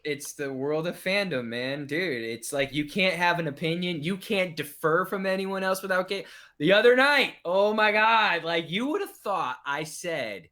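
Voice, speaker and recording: Co-host man, bright and slightly high voice, relaxed casual movie talk. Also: moderate pace. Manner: relaxed, explains film terms plainly. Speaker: podcast co-host. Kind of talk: casual live movie commentary.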